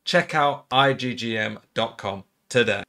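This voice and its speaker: A man delivers a scripted promotional read with upbeat, selling energy. His voice sits at a medium pitch and follows the steady rhythm of ad copy. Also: measured pace, vocal fry. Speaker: ad announcer.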